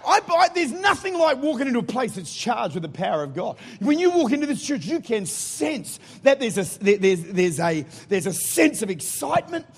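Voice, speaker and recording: A man preaches in a church with a rousing, energetic delivery. His voice sits high for a man. It carries a husky, breathy grain. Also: moderate pace, few pauses. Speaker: guest preacher. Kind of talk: sermon.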